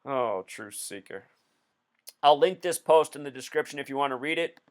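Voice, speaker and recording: Smooth-voiced man, insistent explainer. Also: a little high, steady tone, quick pace. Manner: insistent, explanatory, counting through numbers. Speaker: video host. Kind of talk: casual commentary.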